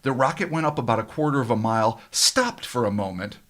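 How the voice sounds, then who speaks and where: Podcast guy reading an old ufo tale, wry and mock dramatic, lively voice, bright tone. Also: medium pitch, a little fast. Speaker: podcast co-host. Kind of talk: reading a paranormal story with sarcastic asides.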